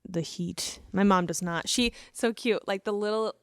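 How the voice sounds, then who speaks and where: A woman's voice: mid-range voice, normal speed, smooth, no echo. Giggly woman podcast co-host, dry. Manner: giggly, playful teasing. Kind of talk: casual chat.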